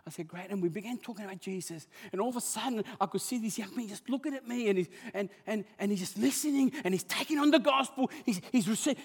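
A male pastor preaching a sermon, swinging between hushed asides and loud emphatic calls. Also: high-pitched, expressive, quick pace, creaky, hardly any pauses, breathy edge, long reverb tail.

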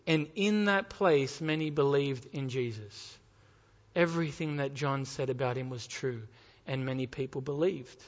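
A man's voice: mid-range voice, unhurried, in a large hall, highs cut off. A man preaching a sermon, reading scripture aloud and asking the congregation rhetorical questions.

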